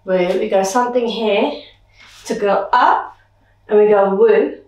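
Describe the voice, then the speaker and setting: A young woman dance teacher thinking aloud as she choreographs, counting beats with vocal sounds like boom and dum. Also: measured pace, long pauses, darkish tone. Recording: roomy echo, mic at a distance.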